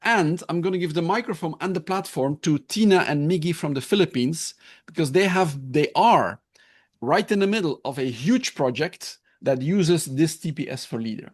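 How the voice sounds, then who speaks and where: A man's voice: fairly high pitch, expressive, normal speed. Man hosting an online presentation. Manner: explanatory, loosely structured with checking questions. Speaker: webinar host presenting an assessment tool. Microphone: video call.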